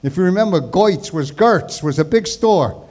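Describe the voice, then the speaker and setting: A man's voice: high-pitched, animated, normal speed, a little mellow. A man in his sixties from New York telling jokes and stories in a chatty stand-up tribute set. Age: 60s. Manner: jokey, chatty storytelling. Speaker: comedian.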